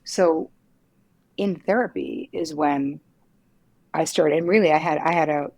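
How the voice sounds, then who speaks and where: Husky, frank middle-aged woman. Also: low voice, a little slow, no room sound. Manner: frank, lively, swears casually. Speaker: psychotherapist guest. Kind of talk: candid conversational storytelling.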